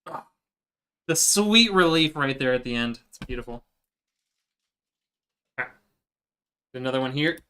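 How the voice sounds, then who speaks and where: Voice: mid-range voice, a little slow, long pauses, pushed and bright, clear, resonant tone. A live streamer chatting casually with viewers while working, answering chat as they go.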